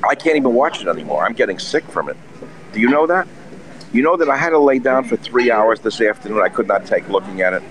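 A man's voice: on the low side, lively intonation, quick pace, few pauses. A man in a restaurant delivering a scornful, combative monologue. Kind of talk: ranting monologue. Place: busy restaurant, indoors. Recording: noisy restaurant crowd chatter. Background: restaurant crowd chatter.

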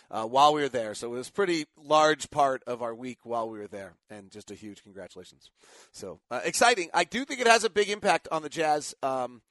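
A tired middle-aged man runs a casual sports talk show, rambling through his stories and stopping to correct himself. His voice sits a little higher than most men's. The recording is dry, with no room sound. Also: fairly bright tone, dry recording. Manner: rambling storyteller, frequent self-corrections. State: tired after little sleep.

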